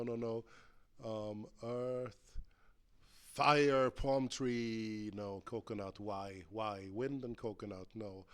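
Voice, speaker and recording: A man speaking from a conference stage in a loose, chatty keynote. He thinks aloud as he goes, with plenty of ums and restarted sentences. His delivery stays playful and informal. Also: mid-range voice. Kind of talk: conference keynote with live game demo.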